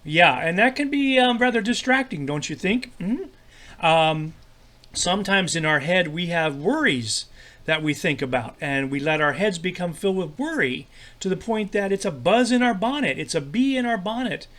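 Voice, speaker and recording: A man teaching a children's devotional lesson in a friendly, halting way, full of fillers and repeated words. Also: sits high, lively intonation, fairly bright tone.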